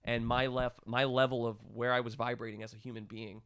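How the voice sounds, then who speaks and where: A man in his thirties telling a story in casual chat, animated and acting out the people he quotes. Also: mid-range voice, fairly quick, clean tone, no echo, clean studio sound. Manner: animated, acts out quoted dialogue. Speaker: guest, clinic staff member.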